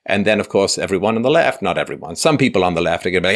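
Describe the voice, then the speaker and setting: A man with a low-pitched voice hosts a casual conversation. He argues his points at length and builds them up with examples. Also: big pitch swings, rapid-fire, few pauses. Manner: argumentative, builds points with examples and acted quotes.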